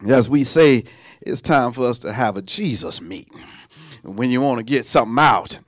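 A man preaching a sermon, animated, with sung lines and sudden drops to a hush. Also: mid-range voice, moderate pace, no echo, clean studio sound.

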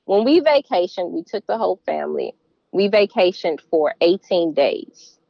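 A woman's voice: on the low side, very animated, normal speed, creaky, dry recording, highs cut off. A middle-aged woman with a Southern US accent, a guest in a casual interview, speaking earnestly and emphatically. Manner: earnest, emphatic, warm laughs.

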